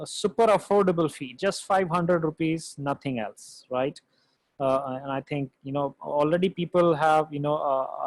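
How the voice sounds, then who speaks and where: A man with an Indian English accent teaching a live online coding class, reading out viewer comments, talking haltingly with many fillers and switching between English and Hindi. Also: fairly high pitch, darkish tone, no echo, low-quality recording.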